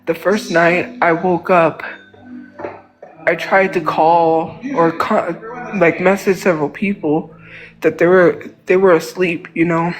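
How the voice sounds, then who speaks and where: A woman's voice: fairly low pitch, steady tone, slow, rough recording. Emotional rambling woman livestreaming. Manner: emotional, rambling, heavy use of "like". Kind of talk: casual livestream monologue. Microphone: phone livestream.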